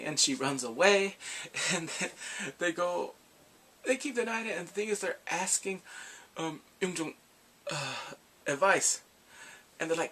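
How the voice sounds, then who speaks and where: A man casually recapping drama episodes in a rambling, excitable way, gasping and laughing as he goes. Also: fairly high pitch, moderate pace, pauses often, a little hiss or hum. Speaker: drama reviewer.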